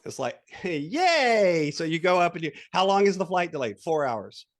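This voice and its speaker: Lively higher-voiced male coach. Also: a little fast. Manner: animated storytelling with quoted voices; coaching, guiding the listener. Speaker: guest coach. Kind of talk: podcast interview.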